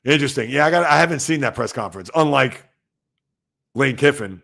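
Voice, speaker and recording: A man hosting a sports talk livestream at home, speaking loudly and emphatically, rambling conversationally and answering viewer comments. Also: medium pitch, animated, brisk, vocal fry. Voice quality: loud, emphatic delivery. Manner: rambling, conversational, talks back to chat.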